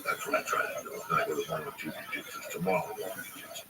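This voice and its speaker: A livestream host with a very deep, steady voice talks fast, telling stories and ranting with blunt, preachy advice laced with heavy swearing. He's recorded on a distant mic amid loud noise.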